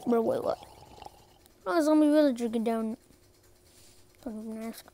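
A woman's voice: a little high, normal speed, warm tone, a little hiss or hum. A woman casually commenting to herself while playing a building game, playful and silly, recorded on a phone. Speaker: gameplay video creator.

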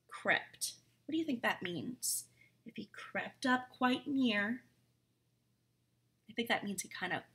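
A woman's voice: mid-range voice, a bit bright. A woman teacher reading a story aloud and explaining words to young children, chatty and full of questions.

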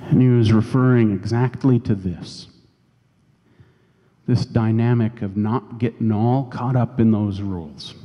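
A man's voice: lowish voice, fairly even intonation, a little slow, mellow. A man preaching a sermon as pastor, telling a personal story in a conversational way. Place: church sanctuary. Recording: long church reverb.

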